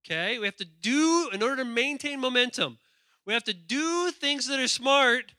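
A man preaching a lively sermon, reading scripture aloud with playful asides and calling on the congregation to respond. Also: very high-pitched, normal speed, no room sound, clean studio sound. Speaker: pastor.

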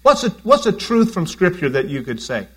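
Man preaching, higher voice. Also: big pitch swings, moderate pace, a bit bright, husky. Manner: conversational preaching, asks the congregation questions. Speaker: pastor. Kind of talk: sermon.

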